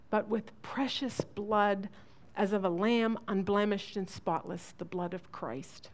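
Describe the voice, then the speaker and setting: A woman teaching other women in a sermon, telling a family story earnestly, with halting restarts. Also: mid-range voice. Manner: earnest storytelling, acts out quoted voices.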